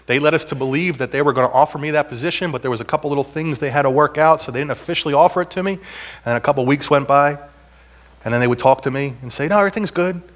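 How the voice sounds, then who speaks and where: A man's voice: mid-range voice, very fast. A middle-aged man preaches a sermon in a church, telling stories from his own life. His delivery is conversational and self-deprecating, and it rises into emphatic, repeated points. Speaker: pastor. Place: church sanctuary.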